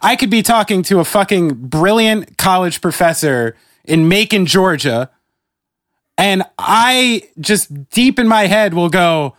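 A man's voice: sits high, expressive, measured pace, a bit bright, no room sound, studio quality. A man from New York with a New York accent, a podcast host chatting casually in a laid-back way, laughing often and swearing casually. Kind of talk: casual chat.

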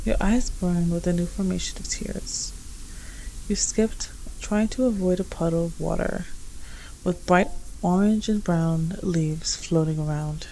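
A woman reading her own second-person fanfic aloud in a soft, unhurried storytelling manner. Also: on the low side, slight background noise, poor audio. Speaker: fanfic reader.

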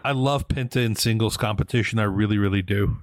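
A man's voice: on the low side, brisk, no room sound. Enthusiastic man in casual podcast chat. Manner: enthusiastic, emphatic. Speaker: podcast co-host.

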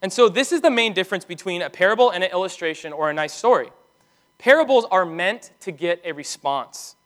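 A man preaching a sermon as pastor, earnest and emphatic, slowing down to stress key commands. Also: high-pitched, expressive, fairly bright tone.

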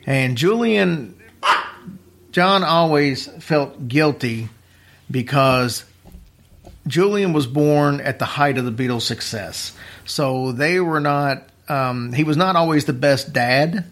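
A man's voice: fairly high pitch, slow, a bit bright, slight background noise. Chatty man telling a story. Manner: rambling, chatty, restarts sentences, uneven pace. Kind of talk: casual storytelling.

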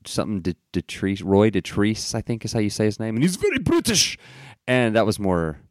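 A man hosting a podcast in casual chat, joking and rambling through quick asides. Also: fairly low pitch, a little mellow, dry recording, clean studio sound. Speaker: podcast host.

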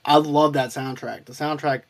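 A man chatting in a relaxed, enthusiastic way about a film soundtrack. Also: fairly high pitch, normal speed. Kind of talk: casual movie chat.

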